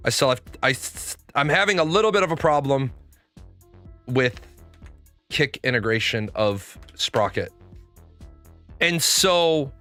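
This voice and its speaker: Bright-voiced man telling rambling stories. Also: a little high, no room sound. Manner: rambling anecdotal storytelling with swearing. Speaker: live streamer. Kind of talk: casual livestream chat.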